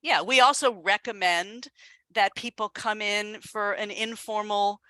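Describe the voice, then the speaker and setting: Bright-voiced woman reading a draft regulation aloud. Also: mid-range voice, fairly even intonation, dry recording. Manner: reads draft text aloud, measured. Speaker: zoning commission staff member. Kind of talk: municipal committee meeting discussion.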